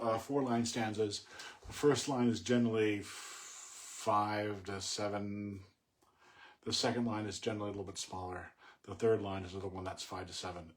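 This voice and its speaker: Thoughtful man talking about poetry, lowish voice. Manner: thoughtful, halting, with many fillers and restarts. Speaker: poet discussing a poem. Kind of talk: casual spoken commentary on poetry.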